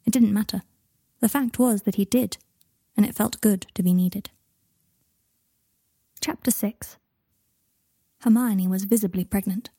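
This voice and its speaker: Calm story narrator, woman, mellow and breathy, dry close sound. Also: medium pitch, unhurried, long pauses, dry recording. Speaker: audiobook narrator. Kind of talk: reading fan fiction aloud.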